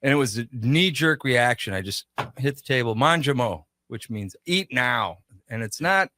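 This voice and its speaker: A man with a bright, forward voice tells a long story as a radio guest, slipping into the voices of the people he quotes. The sound is dry and close, with no room around him. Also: mid-range voice, normal speed, no echo. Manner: animated, acts out quoted dialogue. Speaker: shop owner, guest. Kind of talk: casual storytelling interview.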